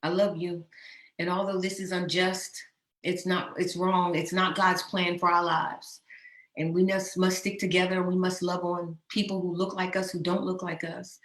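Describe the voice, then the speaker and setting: A woman's voice: on the low side, flat delivery, moderate pace. A woman in her fifties from New Jersey, a host giving an emotional, impassioned personal address. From New Jersey, USA. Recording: roomy echo.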